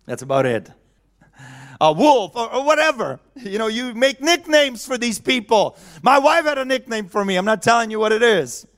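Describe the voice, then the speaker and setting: A man's voice: very high-pitched, very animated, moderate pace, fairly bright tone. A man preaching a sermon in a conversational way, chuckling often and asking the audience questions.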